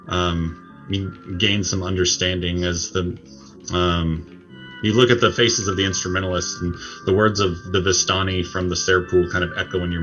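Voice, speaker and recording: A man with a low, deep voice narrates a tabletop game as its game master. He tells the scene in a measured way with "uh" fillers, over a dull, lo-fi sound with clear music playing behind him. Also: fairly bright tone.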